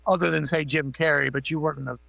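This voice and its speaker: A middle-aged man with a gravelly, fairly high voice tells long, rambling stories packed with fillers and casual swearing. He speaks as a guest over a remote call, and the sound is dry and close. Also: steady tone, fairly quick, a bit bright, dry recording. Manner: rambling, anecdotal, profane, many fillers. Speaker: makeup effects artist guest. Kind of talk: casual interview storytelling.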